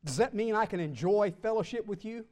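Brief: high-pitched male pastor, sermon delivery, stretches key words, pauses for the congregation to fill in answers. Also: lively intonation, a little mellow. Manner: calls out questions for the congregation to answer; draws out key words slowly for emphasis.

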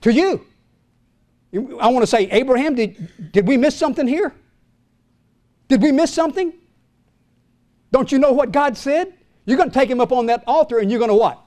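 An older man preaching a sermon, asking his listeners questions and swinging from loud calls to hushed lines. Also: very high-pitched, animated, moderate pace, pauses often. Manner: asks the congregation questions. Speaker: pastor.

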